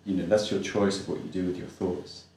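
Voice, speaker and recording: A soft-spoken man in casual conversation, often trailing off quietly as he thinks aloud. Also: deep voice, level tone, a little fast, creaky. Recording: very echoey room.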